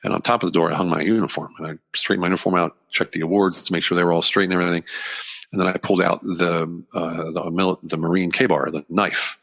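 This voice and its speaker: A man's voice: deep voice, level tone, fast, gravelly, a bit bright. A man from the United States, a podcast guest, telling his personal story candidly and earnestly, rambling and often restarting his sentences.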